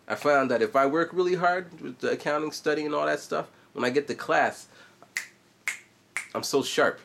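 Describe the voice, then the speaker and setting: A man's voice: on the high side, normal speed, gravelly, a bit bright, a little hiss or hum. A man in his forties, a vlogger and musician, chatting casually in a loose, rambling way full of asides. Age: 40s. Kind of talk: casual vlog chat.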